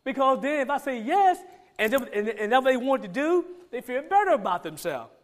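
A pastor with a high-pitched voice preaches in a relaxed, conversational way. He fires off one rhetorical question after another and teases the congregation in between. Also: fairly quick. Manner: asks many rhetorical questions; informal, joking with the congregation. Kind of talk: conversational sermon.

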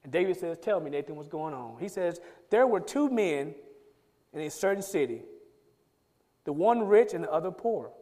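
High-voiced man preaching in a reverberant hall. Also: very animated, normal speed, warm tone. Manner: preaching, reads scripture aloud and rises into emphatic pleading. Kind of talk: sermon.

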